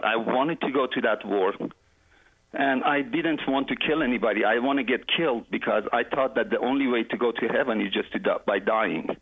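A man in his forties from Iran, speaking with an Iranian accent as a guest, heartfelt and halting as he tells his story. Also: mid-range voice, a bit bright, breathy edge, no room sound, rough recording. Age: 40s.

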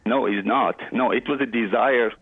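A man in his forties from Iran, speaking with an Iranian accent as a guest, heartfelt and halting as he tells his story. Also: medium pitch, slightly rough, dry recording, narrow, tinny audio. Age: 40s.

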